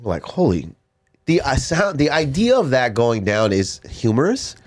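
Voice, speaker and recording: A man from Canada, a comedian guest on a podcast, telling a story in lively, swearing casual chat in a studio. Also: mid-range voice, unhurried. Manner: animated storyteller, swearing, acts out quotes. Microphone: studio microphone.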